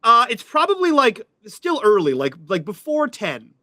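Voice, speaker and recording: Male game master, bright and dry, a bit high, descriptive with filler words. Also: huge pitch swings, moderate pace, dry recording. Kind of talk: narrating a tabletop game.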